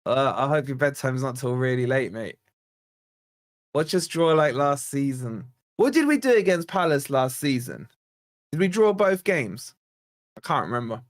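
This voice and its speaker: This English fan channel host talks at a moderate pace in a mid-range voice, recorded dry with clean studio quality. During his live football watch-along he's chatty and excitable, reading viewer messages aloud.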